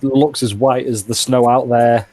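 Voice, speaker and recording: A man's voice: mid-range voice, steady tone, a little slow, darkish tone, no echo. A man playing a tabletop game, thinking aloud with hesitant restarts as he plans his character's moves. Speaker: player.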